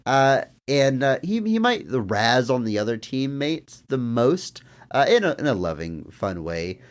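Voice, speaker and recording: A man co-hosting a film podcast, chatting casually with dry jokes and drawn-out emphasis. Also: mid-range voice, very animated. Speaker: podcast co-host. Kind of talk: casual film review chat.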